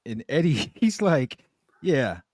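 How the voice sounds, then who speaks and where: A man's voice: medium pitch, sing-song, moderate pace, no echo, studio quality. A man co-hosting a podcast in casual chat, throwing in wry quips and short reactions. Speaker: podcast co-host.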